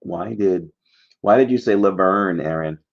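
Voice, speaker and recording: A man's voice: low-pitched, unhurried, gravelly, muffled recording. A man hosting a casual trivia livestream, chatty and jokey, rambling between questions.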